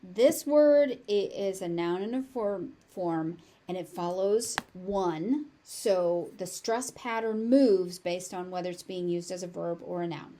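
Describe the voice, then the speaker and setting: A woman with a General American accent gives a pronunciation lesson, saying each word several times and explaining its sounds. Her voice is fairly low and dark in tone, and she speaks slowly with few pauses.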